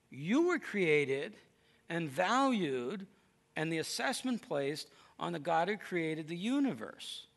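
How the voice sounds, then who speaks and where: A man preaching a lively, emphatic sermon to a congregation. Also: on the high side, gravelly. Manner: lively storytelling, animated and emphatic.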